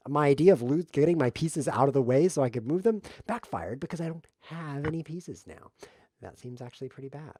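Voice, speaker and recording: A man's voice: a little high, expressive, a little fast, dark tone, slight background noise. A man streaming a chess variant, joking and mocking himself as he calls his own moves. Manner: jokey self-mocking play-by-play, laughs often. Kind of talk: casual live game commentary.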